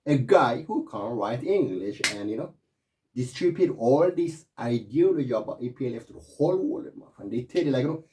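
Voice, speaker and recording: A man's voice: medium pitch, brisk. A middle-aged man talking in a rambling, digressive monologue, often calling the listener "my friend". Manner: animated, keeps saying "my friend", digressive.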